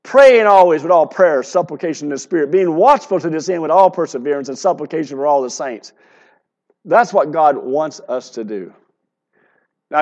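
A man's voice: a little high, a little mellow. Male pastor delivering a sermon, emphatic scripture reading, dull lo-fi recording. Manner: preaching, reading scripture aloud with rising emphasis.

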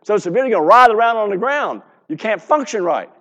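A man's voice: sits high, lively intonation, fast talker, fairly bright tone, muffled recording. A man preaching a sermon, reading scripture aloud with rising emphasis. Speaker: pastor.

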